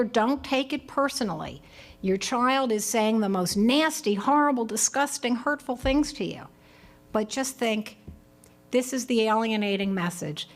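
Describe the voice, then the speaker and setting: Woman giving advice at a conference. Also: medium pitch. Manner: acts out example dialogue in a livelier voice; direct, advising tone with frequent "right?". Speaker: conference speaker. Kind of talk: conference talk answering questions.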